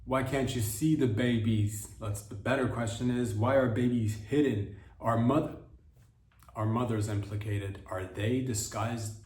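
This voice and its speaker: A man's voice: mid-range voice, steady tone, measured pace, a little mellow, roomy sound, distant mic. A man hosting a comedy podcast, riffing in an absurd, rambling monologue and often correcting himself mid-sentence. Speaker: podcast host.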